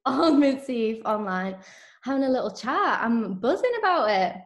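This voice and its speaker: A woman's voice: a little high, lively intonation, moderate pace. Bubbly northern English woman host. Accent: northern English, Lancashire. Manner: bubbly, enthusiastic, chatty. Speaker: youth group host. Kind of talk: casual video-call chat. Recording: echoey room.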